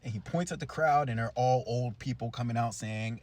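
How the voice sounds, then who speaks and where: A young man casually recapping a cartoon episode in a chatty, slangy, animated way. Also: mid-range voice, normal speed, hardly any pauses. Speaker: cartoon reviewer.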